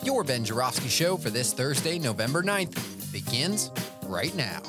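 A man reading a scripted show introduction in a brisk, upbeat promo manner. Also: medium pitch, sing-song, loud music behind the voice. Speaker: show announcer.

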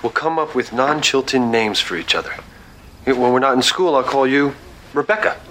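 An actor playing an awkward adult teacher on a date in a TV drama clip, talking in a dry, awkward way. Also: male voice, mid-range voice, normal speed, sharp tone, a little hiss or hum, close to an everyday voice, poor audio.

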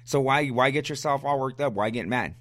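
A man's voice: mid-range voice, brisk, fairly bright tone. A man hosting a solo sports podcast, ranting bluntly and arguing back at listeners' questions, coughing now and then. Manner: fired-up, blunt, argumentative, repeats himself. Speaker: podcast host.

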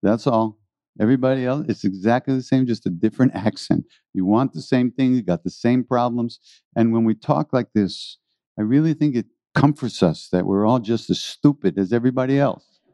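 A man's voice: medium pitch, moderate pace, warm tone, no echo. A man giving an informal spiritual talk to a live audience, earnest and rambling, often repeating his phrases.

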